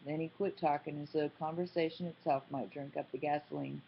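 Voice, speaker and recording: A woman with a fairly low voice narrates a novel in an even, measured way. The sound is dull and lo-fi, with the top end rolled off. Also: vocal fry, a little hiss or hum. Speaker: audiobook narrator. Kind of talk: scripted narration. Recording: dull lo-fi recording.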